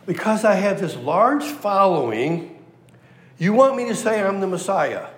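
A man's voice: sits high, sing-song, a little slow, reverberant, in a large hall, pitched above the performer's own voice. A male preacher voicing John the Baptist as a blunt, emphatic prophet. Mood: defiant.

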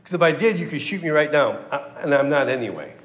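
A man's voice: fairly high pitch, lively intonation, quick pace, fairly bright tone, echoey room, long reverb tail. A male preacher voicing John the Baptist as a blunt, emphatic prophet. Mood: defiant.

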